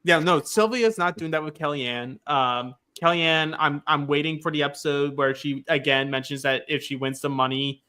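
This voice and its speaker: Bright-voiced man chatting on a podcast. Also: fairly high pitch, fairly even intonation, moderate pace, few pauses, clean tone. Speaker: podcast co-host. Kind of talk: casual podcast chat.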